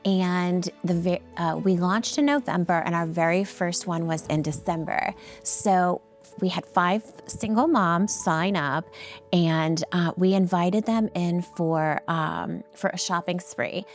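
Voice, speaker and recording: A woman telling a heartfelt story in an interview, earnest and halting, with frequent ums and restarts. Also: lowish voice, faint music behind. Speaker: nonprofit founder and guest.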